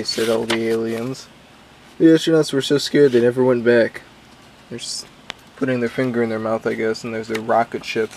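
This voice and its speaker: A man's voice: medium pitch, steady tone, normal speed, darkish tone, a little hiss or hum. A young man casually reading a book he made as a child, with wry asides and frequent ums. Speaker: YouTuber.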